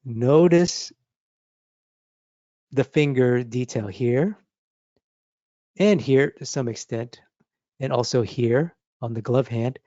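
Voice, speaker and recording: A man's voice: medium pitch, takes it slowly, long pauses, warm tone, no echo, highs cut off. A man in his forties teaching a drawing lesson, talking through examples with enthusiastic, repetitive emphasis and little sound effects. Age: 40s. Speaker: art instructor. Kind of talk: drawing lesson with live demonstration.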